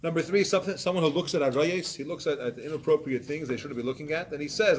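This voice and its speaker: A man teaching a Torah class, explaining points with animated examples and acted-out excuses. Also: fairly high pitch, fast talker, few pauses, a little hiss or hum. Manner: animated, acts out excuses in voices.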